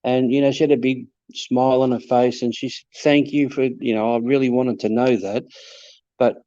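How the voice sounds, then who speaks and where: A man recounts his investigations in a relaxed, halting way, often doubling up his words and acting out what people said. His voice is dark and mellow. The sound is dry, close and a little dull, as if from a modest mic. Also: mid-range voice, no echo. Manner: hesitant, repeats words, quotes people in his stories. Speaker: paranormal investigator. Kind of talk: casual storytelling chat.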